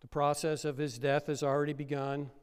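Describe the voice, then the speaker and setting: A pastor preaching a sermon, retelling a story and building up to loud, emphatic peaks. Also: male voice, on the high side, level tone, fairly quick, smooth, big-room sound.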